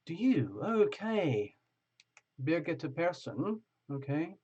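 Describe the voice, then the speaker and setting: A chatty man with a fairly high voice hosts a casual live tarot stream, greeting viewers one by one. The sound is dull and muffled, like a lo-fi recording. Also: big pitch swings, slow, mellow, slightly rough. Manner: chatty, greets viewers by name, laughs often.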